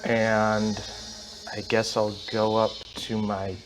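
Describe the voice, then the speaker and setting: A man's voice: fairly low pitch, completely flat delivery, slow, over music, rough recording. A man as a player in a tabletop game, talking hesitantly with many fillers. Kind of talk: casual tabletop play.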